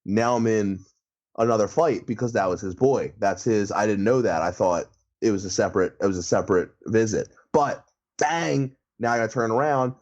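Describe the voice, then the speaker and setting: A podcast co-host with a fairly low, darkish voice speaks at normal speed in casual conversation. He rambles, laughs, and restarts sentences, captured on a remote call mic with lo-fi online audio.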